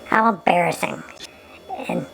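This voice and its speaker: Woman, gravelly voice, sarcastic commentary, repeats words, faint background noise. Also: fairly low pitch, lively intonation, measured pace. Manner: mocking, repeats words often.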